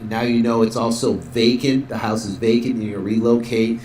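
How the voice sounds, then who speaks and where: A man instructor giving a casual software walkthrough tutorial, upbeat and full of fillers, acting out sales calls. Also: mid-range voice, steady tone, brisk, reverberant, slight background noise.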